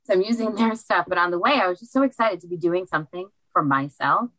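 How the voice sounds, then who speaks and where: Low-voiced excitable woman, dry studio. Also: quick pace, no echo, rough recording. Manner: bubbly, excitable. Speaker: guest. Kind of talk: casual chat. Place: library recording studio. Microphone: cheap desk microphone.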